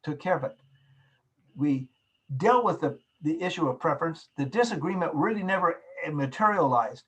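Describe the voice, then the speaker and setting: Husky-voiced man lecturing over a video call. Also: a little high, animated, highs cut off. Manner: explains slowly, illustrating with everyday examples. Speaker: course instructor. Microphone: video call microphone.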